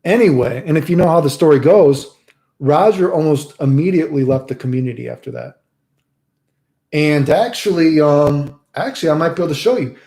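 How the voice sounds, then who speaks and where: A man telling a rambling story on a live stream in a casual, animated way, swearing constantly and saying "dude" a lot. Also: fairly high pitch. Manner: loose rambling delivery with restarts and "dude". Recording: roomy echo.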